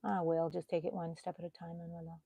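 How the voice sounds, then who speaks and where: A middle-aged woman, hosting a casual crochet livestream. She chats warmly and emotionally, greeting viewers by name and reassuring them. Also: fairly low pitch, level tone, fast, vocal fry, dry recording. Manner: chatty, reads out viewer comments by name. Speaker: crochet channel host.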